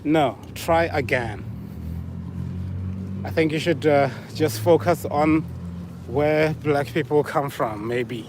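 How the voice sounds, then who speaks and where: A man's voice: a little high, takes it slowly, pauses often, background noise. A man with a Southern African accent, playfully teasing viewers as he answers their guesses in a casual live stream. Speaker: livestream host reading chat.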